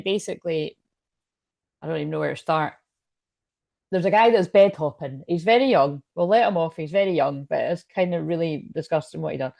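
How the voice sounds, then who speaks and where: A woman's voice: sits low, creaky, darkish tone, no room sound, clean studio sound. A middle-aged woman giving a casual, meandering tarot reading, chatty and full of asides. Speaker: tarot reader.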